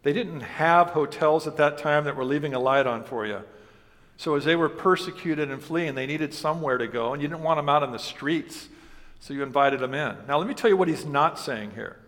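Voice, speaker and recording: A male pastor gives a sermon in a chatty manner, putting questions to the congregation and adding humor. He speaks fairly quickly in a somewhat high, fairly bright voice, and the large hall lends a long reverb.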